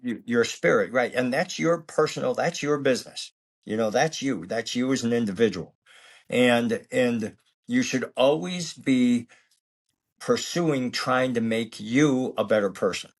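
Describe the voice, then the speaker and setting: A man who is a martial arts actor and instructor, speaking in a calm, reflective, philosophical way during a casual interview. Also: mid-range voice, measured pace.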